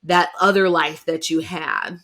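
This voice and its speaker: A woman hosting a podcast interview, reflective and affirming, with frequent soft murmurs of agreement. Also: sits low, fairly even intonation, measured pace, gravelly. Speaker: podcast host.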